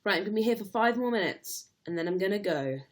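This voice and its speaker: A woman's voice: medium pitch, lively intonation, fast. A young woman, casually chatting on a livestream and reading out viewer comments, laughing readily. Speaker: livestream host.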